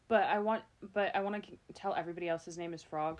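Giggly young woman, lowish voice. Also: moderate pace, pauses often. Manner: giggly, animated, slips into voices. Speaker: podcast host. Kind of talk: casual chat.

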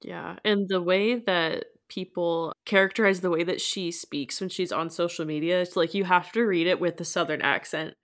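A woman's voice: fairly low pitch, steady tone, moderate pace, hardly any pauses, a bit bright. A woman talking casually on an astrology podcast, earnest and candid.

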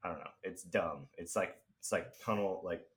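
A man co-hosting a podcast about old films, talking in halting, stop-start bursts as he vents in casual chat. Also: low voice. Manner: halting, many fillers and restarts, ranting. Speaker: podcast co-host.

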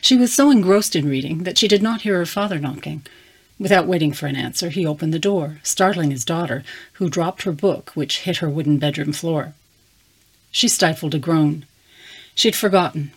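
A woman reading a fantasy story aloud with calm, measured narration. Her voice sits low for a woman. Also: slightly rough. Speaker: story reader.

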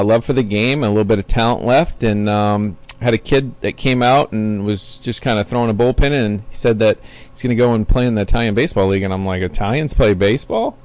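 A man's voice: lowish voice, a little mellow, clear, resonant tone. A man in his forties, a former baseball player, talks as a podcast guest in a casual, rambling way with lots of fillers. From Florida, USA. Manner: chatty storyteller with many fillers and restarts. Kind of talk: casual interview chat.

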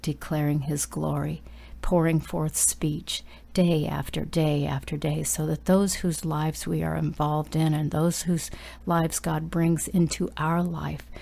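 A woman's voice: low-pitched, level tone, a little slow, creaky, dark tone. A woman preaching a sermon and leading a prayer, exhorting her listeners and dropping at times into urgent whispers.

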